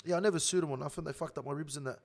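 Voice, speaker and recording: A young Australian man telling a rough prison story in casual slang, swearing constantly. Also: a little high, rapid-fire. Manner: swears heavily, animated slang-filled storytelling.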